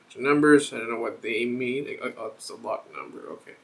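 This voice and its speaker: A man's voice: mid-range voice, fairly quick, gravelly. A man hosting a casual beer review vlog, thinking aloud and rambling as he reads the label.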